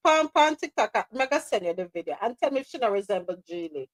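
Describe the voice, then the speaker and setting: A woman with a Caribbean accent hosting a live talk show, chatting in a lively way, laughing often and slipping into patois. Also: mid-range voice, fast talker, dry recording. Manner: animated, laughing, slips into patois. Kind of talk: casual chat.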